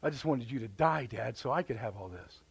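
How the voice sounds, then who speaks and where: A man's voice: high-pitched, expressive, measured pace. A man preaching, voicing a resentful, indignant older brother who complains bitterly.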